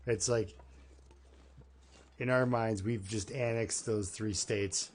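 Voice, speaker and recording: A man's voice: fairly low pitch, fairly even intonation, slow pace, slight background noise. A man with a Canadian accent giving chatty, rambling gameplay commentary as a streamer, talking to his chat and to himself.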